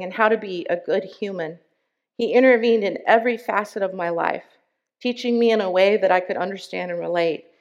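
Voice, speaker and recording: A woman of medium pitch reads a church member's testimony during a service, her tone sincere and deliberate with pauses placed for emphasis.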